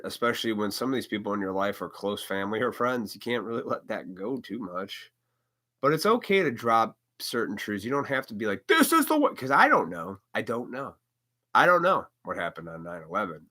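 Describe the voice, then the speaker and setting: A man's voice: on the low side, animated, normal speed, sharp tone. A man hosting a live stream, talking bluntly and with plenty of profanity in a ranting monologue.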